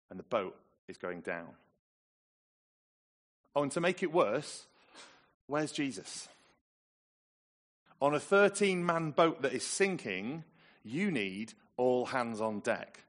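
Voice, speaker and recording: A man from England preaching a sermon, telling the story with lively, dramatic emphasis. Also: medium pitch, takes it slowly, pauses often.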